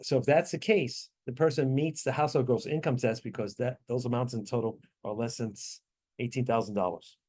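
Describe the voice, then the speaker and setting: A man leading a tax training class over a video call, explaining answers step by step with frequent fillers and quick apologies. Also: mid-range voice, fairly even intonation, a little mellow, slightly rough.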